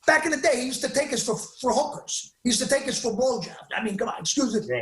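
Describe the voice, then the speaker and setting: A man being interviewed tells his story fast and excitedly, with lots of emphasis and frequent mid-sentence cutoffs. His pitch is very high and the sound is roomy.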